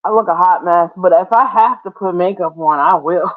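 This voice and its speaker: A woman's voice: lowish voice, normal speed. A woman hosting a casual live stream, chatty and playful, laughing often between remarks. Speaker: livestream host. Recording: tinny phone-like sound.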